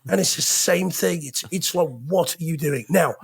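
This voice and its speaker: English guy on a chat podcast, kinda gravelly and husky, bit of a cough, joking around. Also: a little high, normal speed. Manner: chatty storyteller, teasing. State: has a cough. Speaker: podcast co-host. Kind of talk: casual chat.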